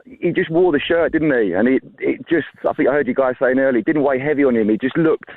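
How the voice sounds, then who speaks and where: A hoarse man calling in by phone while walking outside, gushing with fan emotion. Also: mid-range voice, fast, no echo. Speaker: caller. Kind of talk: phone-in call. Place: outdoors walking dogs. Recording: tinny phone line.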